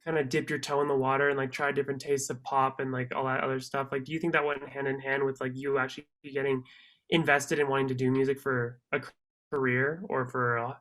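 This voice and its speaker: A man's voice: medium pitch, little pitch movement, fast talker, a bit bright. A man interviewing a guest, asking long, meandering questions filled with "like".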